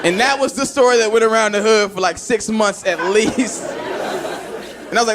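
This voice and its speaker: A man doing stand-up, telling a story with animated shouts and mumbled character voices. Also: high-pitched, normal speed. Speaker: stand-up comedian. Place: comedy club stage. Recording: live club mic with crowd laughter and noise.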